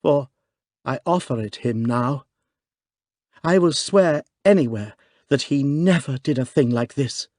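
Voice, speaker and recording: A man reading aloud, voicing a courageous young Scottish noblewoman with a clear, quivering voice. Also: medium pitch, unhurried, pauses often, darkish tone, no room sound, pitched above the performer's own voice, close to an everyday voice. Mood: earnest, brave.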